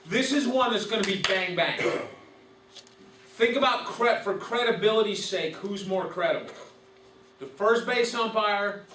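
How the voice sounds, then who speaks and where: Man teaching umpires, high voice, roomy classroom, mic far off, faint hiss. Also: unhurried, bright, forceful tone. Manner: conversational, asks the class questions, repeats key points. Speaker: umpire instructor. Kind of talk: classroom lecture.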